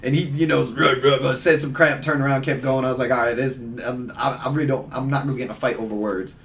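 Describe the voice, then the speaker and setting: A man, a podcast guest telling stories in casual chat, animated and acting out the people he quotes. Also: medium pitch, fast talker, far from the mic, a little hiss or hum. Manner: animated, laughing storyteller who acts out voices. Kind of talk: casual storytelling.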